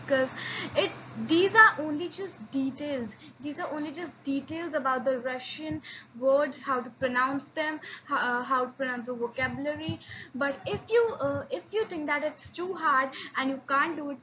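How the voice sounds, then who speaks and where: A woman's voice: high-pitched, moderate pace, bright, forceful tone, lo-fi sound, a little hiss or hum. A woman teaching a beginner language lesson, patient and encouraging, often restarting and repeating sounds for learners to copy. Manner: frequent restarts and fillers.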